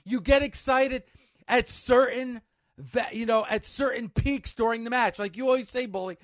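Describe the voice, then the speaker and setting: A man with a strikingly high voice rants as a radio host, emphatic and exasperated, pleading for change. The sound is bone-dry and close on a studio microphone. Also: a bit bright, no echo. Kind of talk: ranting sports radio talk.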